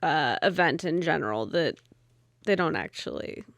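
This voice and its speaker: A woman's voice: sits low, expressive, moderate pace, gravelly, dry recording, studio quality. Woman co-host telling a story. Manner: narrates from notes with many ums, laughs easily. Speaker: podcast co-host. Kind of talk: casual chat, storytelling.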